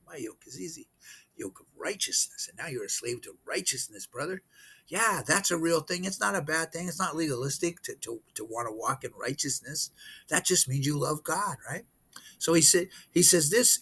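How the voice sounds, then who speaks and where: A man's voice: on the high side, fairly bright tone, husky. A man preaching an informal, conversational sermon, reading scripture aloud and explaining it with frequent restarts. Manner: conversational, halting, with many restarts and fillers. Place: missionary post abroad.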